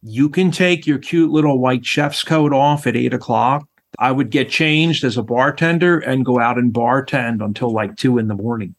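A middle-aged man, a former chef and interview guest, telling stories in an animated way and acting out voices. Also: medium pitch, normal speed. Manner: animated storyteller, acts out voices. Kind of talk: storytelling interview chat.

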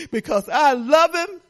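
An older woman pastor from Detroit giving a folksy, animated sermon, talking straight to the congregation with laughing asides. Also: high voice, slow pace. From Detroit, Michigan.

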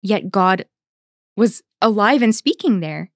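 A woman's voice: mid-range voice, animated, no echo. Thoughtful woman, religious sister, dry close sound. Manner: thoughtful, pauses with fillers, laughs easily. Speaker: religious sister, podcast co-host. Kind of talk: reflective conversational discussion.

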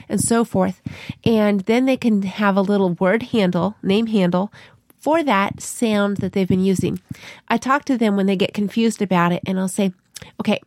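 A woman's voice: medium pitch, moderate pace, a little mellow, no echo. A woman co-hosting a podcast, talking casually and explaining her teaching methods with playful little stories. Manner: chatty, explaining with playful examples. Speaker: podcast co-host.

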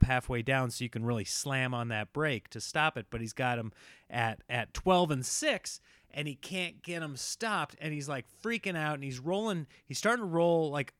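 Man, thirties, casual storytelling, lively, dry close sound. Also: no room sound. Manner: animated, voices his kids in high squeals. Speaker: father telling a family story.

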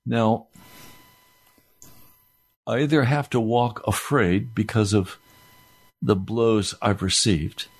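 Slow, earnest preaching man. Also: fairly low pitch, fairly even intonation, husky. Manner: slow, earnest, emphatic delivery with repeated phrases. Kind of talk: sermon.

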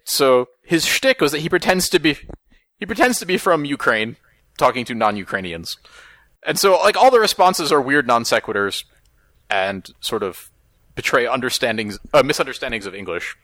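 A man's voice: medium pitch, expressive, a bit bright, dry recording. A man co-hosting a podcast in casual chat, wry and joking. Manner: wry, joking, quick asides. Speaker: podcast co-host.

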